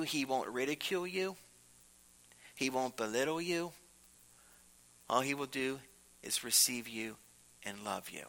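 A male pastor delivers a sermon in an earnest, emphatic way. His voice has a gravelly fry and a sharply bright, forceful tone. He repeats phrases and lets pauses land. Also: medium pitch, poor audio.

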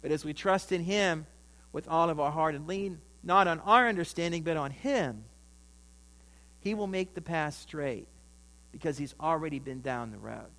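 A pastor preaching a sermon, telling a story and acting out the voices in it. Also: male voice, fairly high pitch, normal speed, pushed and bright, rough recording.

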